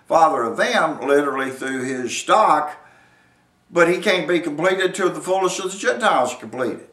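A man preaching a sermon, slow and repetitive, calling out to his listeners and building from quiet to emphatic. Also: mid-range voice. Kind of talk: sermon teaching. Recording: roomy echo, distant from mic.

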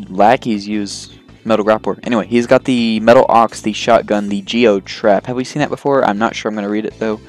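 A man giving casual, rambling commentary on his gameplay as a let's play host, joking at his own expense. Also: on the low side. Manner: rambling, self-deprecating, jokey, lots of fillers. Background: faint game music.

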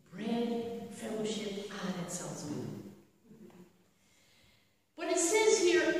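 Slow, echoey woman preaching. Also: fairly high pitch, a little mellow, a little hiss or hum. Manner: storytelling with frequent rhetorical questions. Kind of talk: sermon. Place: church sanctuary. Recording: echoey hall from a distant mic.

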